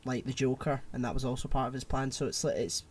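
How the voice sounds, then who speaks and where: Man, casual podcast co-host, rambling and animated, mid-pitched voice. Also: fast, slightly rough. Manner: animated, rambling film retelling with acted-out quotes. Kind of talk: casual chat.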